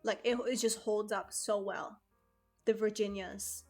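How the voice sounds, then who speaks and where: A young woman streamer from outside the United States chatting casually with her chat, rambling and excitable, swearing freely and packing her talk with fillers. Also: medium pitch, measured pace, faint music behind.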